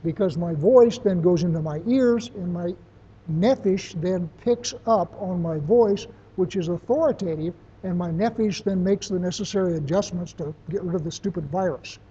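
Lecturer, plainspoken, everyday examples, warm dark tone, muffled lo-fi sound. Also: mid-range voice, normal speed, slightly rough. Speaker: teacher. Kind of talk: classroom lecture.

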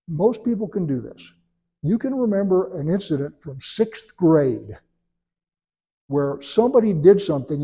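A man giving a sermon in a relaxed, conversational way, telling stories and breaking into animated voiced asides. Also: on the high side, husky. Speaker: preacher.

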